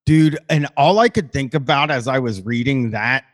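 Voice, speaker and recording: A man's voice: mid-range voice, moderate pace. Man reading a listener letter aloud. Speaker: podcast co-host.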